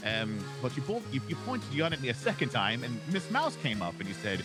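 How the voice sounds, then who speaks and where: A man's voice: mid-range voice, wildly swooping pitch, fast, few pauses, music in the background. A man speaking in character in a roleplay, polite and hesitant, often stammering and restarting. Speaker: roleplay player as an instructor character.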